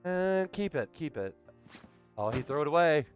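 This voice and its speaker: High-voiced gushing male game streamer. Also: lively intonation, moderate pace. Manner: gushing, emotional, calls viewers darlings and y'all. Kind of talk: casual let's-play commentary. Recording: muffled lo-fi with faint game music.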